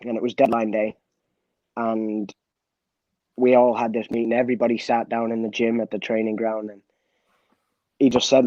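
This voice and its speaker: A former footballer being interviewed, telling a story candidly, with many restarts and quoted dialogue. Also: male voice, medium pitch, little pitch movement, moderate pace, pauses often, dark tone, no echo, highs cut off.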